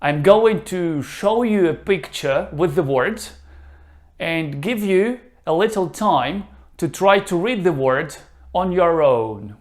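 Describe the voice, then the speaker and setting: A man teaching a reading lesson, pronouncing each word slowly and leaving gaps for the listener to repeat. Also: a little high, animated. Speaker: Russian language teacher. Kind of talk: slow, careful language lesson.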